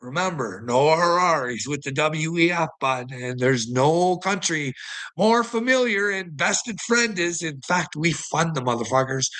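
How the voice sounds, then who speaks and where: A man in a ranting monologue, with a somewhat high voice. His delivery is bright and forceful, mocking and heavy with swearing. He laughs between his jabs. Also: poor audio. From Canada.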